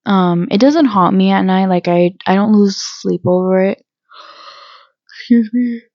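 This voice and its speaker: A woman hosting her own channel, telling a personal story in a hesitant vlog style with many pauses and restarts. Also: mid-range voice, no echo, muffled recording. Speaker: channel host.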